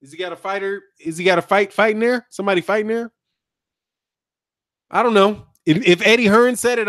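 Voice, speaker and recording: Animated high-voiced man ranting on a live stream. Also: no echo, studio quality. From United States. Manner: animated, slangy, laughs often, repeats himself. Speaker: boxing channel host. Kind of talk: live-stream commentary reading chat.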